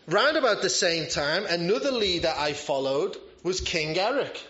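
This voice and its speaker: A man's voice: sits high, expressive, normal speed, pushed and bright. A man preaching a sermon in a conversational way, with self-deprecating humor. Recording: roomy, slightly dull church recording.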